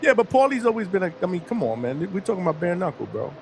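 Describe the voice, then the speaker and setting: A man's voice: high voice, sing-song, quick pace, vocal fry, crowd noise. A man hosting a call-in show, arguing and laughing in casual banter. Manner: argumentative, laughing.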